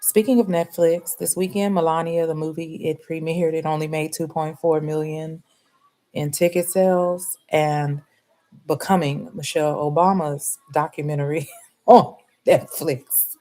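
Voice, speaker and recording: A middle-aged woman tells a story in casual chat. Her voice sits a little low, and she laughs often and acts out the voices of the people she quotes. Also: fairly even intonation, measured pace, mellow. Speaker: vlogger telling a story to live chat.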